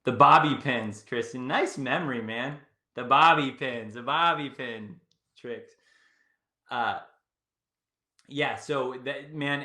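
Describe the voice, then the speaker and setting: A man's voice: mid-range voice, pushed and bright, reverberant. A young adult man giving casual dating advice in a confident, breezy, repetitive way. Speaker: dating coach. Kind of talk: casual coaching chat.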